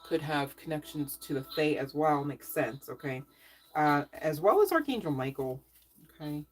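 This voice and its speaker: A woman's voice: sits low, expressive, normal speed, low-quality recording. A woman reading tarot cards in a casual, chatty way, with playful asides and frequent "okay?" check-ins. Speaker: tarot reader.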